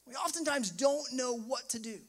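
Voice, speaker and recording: A man's voice: very high voice, normal speed. A young man preaching a sermon as a pastor, telling a personal story and rising into impassioned outbursts.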